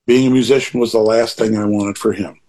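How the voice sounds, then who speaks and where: A man's voice: on the low side, steady tone, brisk, dark tone. An older man talking as an interview guest, earnest and rambling, often restarting and going off on asides. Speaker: author guest being interviewed. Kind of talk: reflective interview talk.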